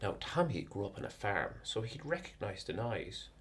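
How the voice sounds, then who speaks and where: Irish male storyteller, animated, rambling comic yarn, wide-ranging pitch. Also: normal speed. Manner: chatty, digressive, animated.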